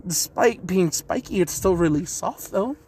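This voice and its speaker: A man voicing a shy, pouty young ninja girl who speaks softly and slowly. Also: high-pitched, animated, breathy edge, heavily acted. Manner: soft, slow, pouty.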